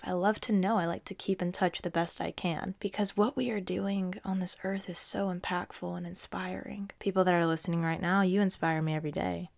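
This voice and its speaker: A young woman hosting a reflective faith-based podcast, speaking earnestly and encouragingly. Her voice sits a little low for a woman and sounds slightly stuffy. She often sinks into a soft near whisper. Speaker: podcast host.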